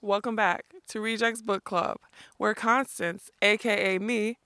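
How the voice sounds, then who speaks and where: A woman's voice: medium pitch, measured pace. A woman hosting a casual book club, reading a novel aloud chapter by chapter. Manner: informal, relaxed delivery.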